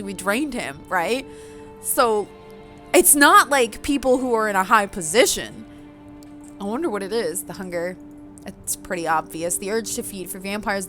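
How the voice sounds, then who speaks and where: A woman's voice: medium pitch, a bit bright. A woman playing a story game, reading it aloud and chatting casually, with a self-mocking manner. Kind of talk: casual game playthrough with read-aloud narration.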